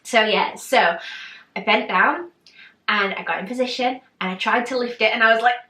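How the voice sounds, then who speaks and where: A woman telling a story to camera in a casual, animated way, acting out what people said. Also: on the high side, moderate pace. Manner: animated, chatty, acts out quotes. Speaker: vlogger. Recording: echoey room, mic at a distance.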